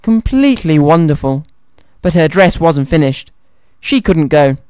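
A man's voice: on the high side, unhurried, darkish tone, clean tone, no room sound. A man presenting a children's radio show and reading a story aloud in a cheerful, friendly way, in a studio. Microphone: studio microphone.

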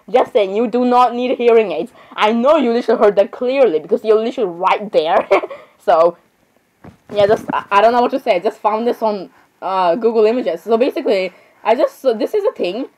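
Rambling her way through casual commentary on a game, this woman says sorry constantly and giggles at her own asides. Her voice sits on the high side, a little fast and a little mellow, and the recording is rough.

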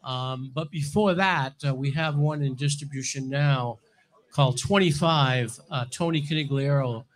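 A middle-aged man, a filmmaker guest, telling an animated story and acting out the dialogue, with a lot of "uh" and "um.". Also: mid-range voice, a little slow, rough recording. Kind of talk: storytelling and interview talk.

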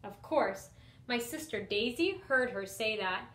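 An expressive young woman teacher reads a children's picture book aloud in a lively first-person storytelling style. Her voice sits fairly high, and the recording has a roomy echo. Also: measured pace.

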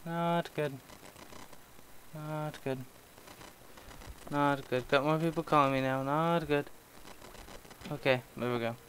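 A man's voice: a little high, steady tone, slow, pauses often, fairly bright tone, a little hiss or hum, rough recording. A young man commentating his own horror gameplay, talking to himself with jokes and yelping when startled. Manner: jumpy, yelps when startled, jokey self-talk. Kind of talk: horror game let's play commentary.

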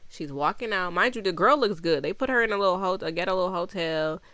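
A woman with a slightly low voice recaps a movie in a loose, rambling way, plainly exasperated and laughing as she goes. Her tone is smooth and clear, and the sound is close and dry with no room around it. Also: expressive, fast talker, fairly bright tone, no echo. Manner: chatty, exasperated, laughs often; acts out characters' lines. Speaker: movie reviewer.

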